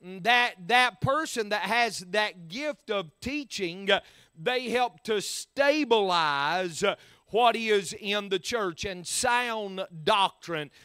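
A man's voice: sits high, lively intonation, slow pace, pushed and bright, clean tone, no echo. A man preaching a sermon, emphatic, repeating phrases and using many fillers.

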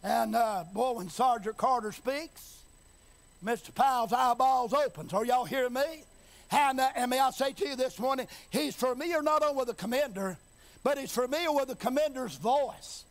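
A man preaching a sermon, building to shouted, chanting emphasis and then dropping quiet, folksy, repeating phrases and asking the congregation if they hear him. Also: very high-pitched, moderate pace.

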